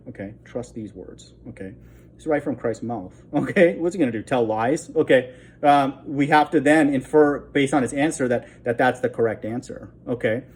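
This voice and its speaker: A man's voice: medium pitch, a little mellow, slight background noise. A man teaching a casual sermon from the Bible, blunt and conversational, who keeps checking in with "okay?" after each point. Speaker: preacher.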